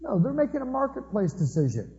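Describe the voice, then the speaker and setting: A man's voice: very high voice, huge pitch swings, fast, dark tone, lo-fi sound. A man preaching a family sermon through anecdotes, acting out the people he quotes. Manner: storytelling, acts out quoted voices.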